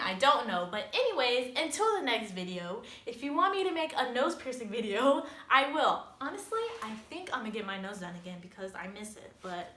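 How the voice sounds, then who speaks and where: A woman's voice: on the high side, very animated, brisk, hardly any pauses, pushed and bright. A young woman vlogger telling a casual storytime, chatty and self-mocking, swearing freely and filling her talk with "like". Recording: echoey room.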